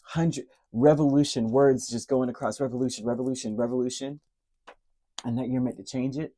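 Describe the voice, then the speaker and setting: Male tarot reader, mellow and dark in tone, emotionally earnest, speaks directly to the listener, repeats key words. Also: medium pitch, fairly even intonation, brisk. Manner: repeats key words, many fillers and restarts. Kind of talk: direct-to-camera tarot reading.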